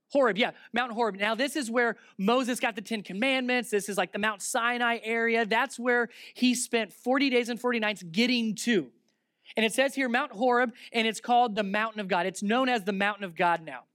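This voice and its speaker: A pastor delivers a sermon with animated, emphatic teaching. The voice sits at a middle pitch and keeps asking rhetorical questions. The recording is dry, with no room echo.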